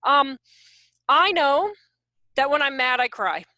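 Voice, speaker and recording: A woman in her forties runs an online workshop as a behavior consultant, talking in an animated, joking, self-deprecating way. Her voice sits high and sounds bright. The sound is close and dry, as on a video call. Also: slow pace, no echo. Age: 40s.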